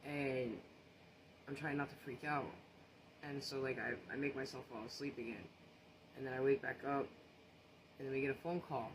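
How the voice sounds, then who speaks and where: A man tells a story in a casual, rambling way, with lots of fillers and restarts. His voice sits at a middle pitch. Faint ambient noise hums behind him. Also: fairly even intonation, moderate pace, pauses often.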